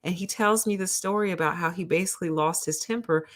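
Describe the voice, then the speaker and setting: A woman hosting a livestream, telling a story to her chat in an animated way and calling her listeners honey and y'all. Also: fairly low pitch, quick pace. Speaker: host.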